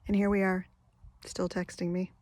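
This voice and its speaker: A woman's voice: fairly low pitch, flat delivery, moderate pace, darkish tone, no room sound. A woman in her fifties telling a personal story in a candid, rambling way, often restarting her sentences. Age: 50s. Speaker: vlogger. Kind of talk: confessional storytelling.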